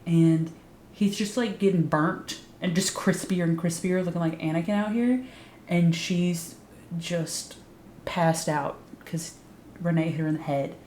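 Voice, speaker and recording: A woman's voice: lowish voice, measured pace, a little mellow, echoey room, a little hiss or hum. A woman giving a casual, sarcastic recap of a TV show, swearing freely and saying "like" a lot. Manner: sarcastic, profane, frequent "like" fillers. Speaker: YouTube recap host.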